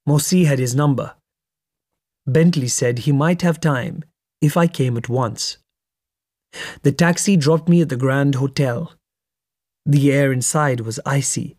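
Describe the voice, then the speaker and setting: A man reading a memoir aloud in a measured, steady storytelling manner. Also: medium pitch, no room sound, clean studio sound. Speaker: narrator. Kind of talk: memoir audiobook narration.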